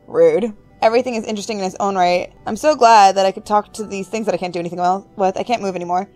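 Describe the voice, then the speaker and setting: Soft background music plays as a young woman gives casual let's play commentary on a horror game for YouTube. Her brisk, slightly mellow voice reads text aloud and jokes to herself, breaking into high-pitched squeals of surprise.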